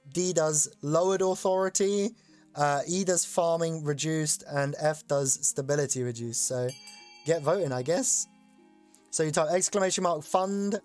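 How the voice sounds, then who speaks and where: A streamer hosting a chat-voted game live, excitable and loose, swearing casually while explaining the rules. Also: medium pitch.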